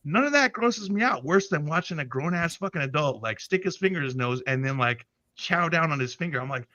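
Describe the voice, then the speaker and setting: Bright, dry-miked man telling war stories. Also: fairly high pitch, expressive, fairly quick, no room sound, dull audio. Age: 40s. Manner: profane, laughing, vivid storyteller. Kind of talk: casual storytelling chat.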